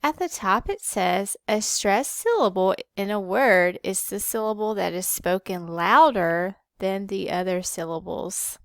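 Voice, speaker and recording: A woman teaching a spelling lesson, who spells words out letter by letter slowly and patiently. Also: medium pitch, fairly bright tone, no echo, clean studio sound. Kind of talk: slow, careful spelling lesson.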